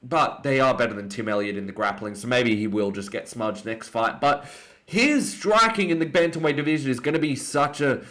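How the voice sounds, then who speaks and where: A young Australian man giving an opinionated, excitable casual breakdown of fights, often jumping up in pitch for emphasis. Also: a little fast. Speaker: MMA commentator.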